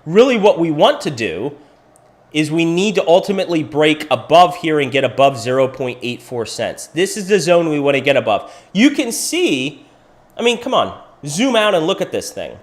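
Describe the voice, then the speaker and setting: Animated crypto livestream host, man. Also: fairly high pitch, moderate pace. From Pennsylvania, USA. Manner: animated, talks to viewers by name. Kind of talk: live chart analysis with chat questions.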